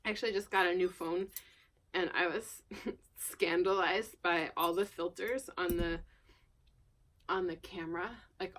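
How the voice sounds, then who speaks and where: A woman's voice: on the low side, a bit bright. A woman from Long Island with no accent, chatting casually and self-deprecatingly to camera while she works, often dropping to a murmur. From Long Island, New York. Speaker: vlogger. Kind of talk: rambling casual chat while working. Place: indoors at her worktable.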